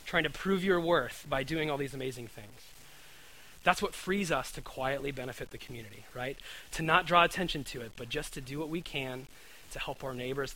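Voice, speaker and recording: A man's voice: mid-range voice, sharp tone, low-quality recording. A man preaching a conversational sermon, earnest, often repeating words and asking his listeners "right?".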